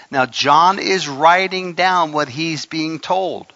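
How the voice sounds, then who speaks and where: A man's voice: a little high, takes it slowly, bright, forceful tone, no room sound, lo-fi sound. A man preaching a sermon as pastor, emphatic, with joking asides to his congregation.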